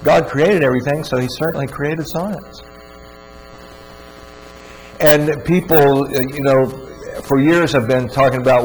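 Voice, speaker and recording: A man's voice: medium pitch, moderate pace, a little mellow, poor audio. Earnest male speaker for a scripture teaching talk, emphatic and repetitive, slight background hum. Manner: earnest, emphatic, repeats words. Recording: faint mains hum.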